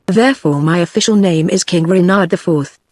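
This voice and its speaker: A woman's voice: fairly low pitch, a little fast, no echo, studio quality, close to an everyday voice. A text-to-speech woman's voice with a British English accent reading the lines of a vain, pompous male fox king in a storybook. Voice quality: even synthetic read-out.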